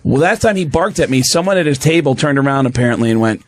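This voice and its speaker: A man's voice: mid-range voice, fast, slight background noise. A man in a radio studio telling a story in casual chat, acting out the other people's voices. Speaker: comedian on a radio show.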